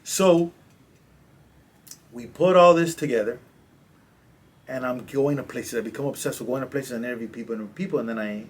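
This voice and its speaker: A man, a coach, casually telling stories as a podcast guest, animated and slangy. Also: mid-range voice, normal speed, long pauses, slightly rough. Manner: animated, slangy, acts out quotes. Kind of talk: casual storytelling in a podcast interview.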